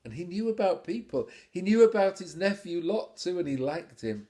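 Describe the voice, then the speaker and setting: Man reading a storybook aloud, slightly high voice, measured and expressive. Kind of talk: scripted narration.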